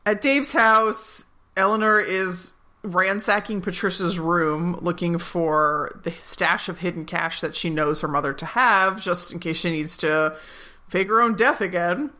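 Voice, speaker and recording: A woman co-hosting a podcast, chatting casually as she recaps a TV episode, with many asides and quick laughs. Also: fairly low pitch, bright, forceful tone. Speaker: podcast co-host.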